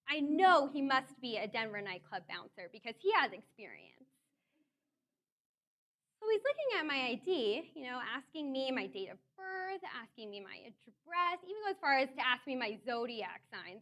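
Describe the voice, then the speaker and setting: A young woman tells a personal story to a live audience. Her voice sits high and swings widely in pitch, full of animated energy. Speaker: speaker.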